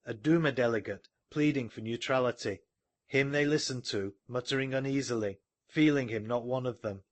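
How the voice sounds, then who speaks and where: A man reading an audiobook in a measured storytelling manner, recorded close to the mic. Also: mid-range voice, no echo. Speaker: audiobook narrator. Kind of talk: scripted narration.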